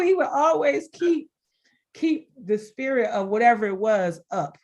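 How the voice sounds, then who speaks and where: A middle-aged woman on a video call, telling heartfelt stories in an expressive way and laughing now and then as she talks. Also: on the high side, a little slow. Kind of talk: heartfelt conversational storytelling.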